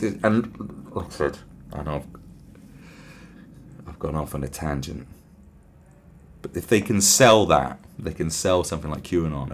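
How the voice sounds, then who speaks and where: A man hosting a talk show, ranting sarcastically and with a lot of swearing, and sometimes mimicking other people. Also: sits low. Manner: sarcastic, profane, mimics voices. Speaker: podcast host. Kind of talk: ranting monologue.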